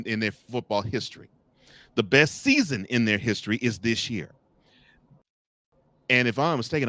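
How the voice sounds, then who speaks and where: A man co-hosting a sports talk show, ranting in a mocking, animated way straight at the people he talks about. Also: mid-range voice, dry recording. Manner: animated, mocking rants addressed to coaches. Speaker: podcast co-host.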